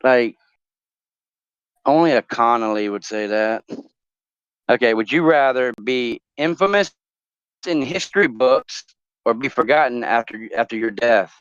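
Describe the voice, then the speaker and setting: A man's voice: mid-range voice, animated, unhurried, long pauses, clear, resonant tone, dry recording, muffled recording. A man hosting a casual talk show, joking and rambling through would-you-rather questions with lots of fillers.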